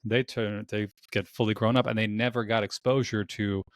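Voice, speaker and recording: A young man hosts a podcast in a lowish voice, thinking out loud in a loose, rambling way that leans heavily on "like." The sound is dry and close, with no room around him. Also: steady tone, moderate pace, no room sound. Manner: casual and rambling, heavy use of "like". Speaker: podcast host. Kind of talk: conversational podcast interview.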